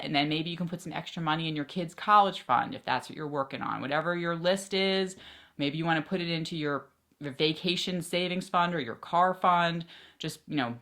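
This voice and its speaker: A woman giving chatty, excitable budgeting advice straight to her viewers as a personal finance vlogger. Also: deep voice. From Philadelphia area. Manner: chatty, excitable, quick asides. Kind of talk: casual talk to camera.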